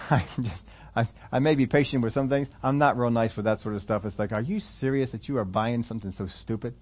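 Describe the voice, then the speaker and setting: Storytelling pastor, muffled lo-fi sound. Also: male voice, medium pitch, fast talker. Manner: conversational storytelling, laughs between points, bursts into loud emphatic quotes. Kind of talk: sermon.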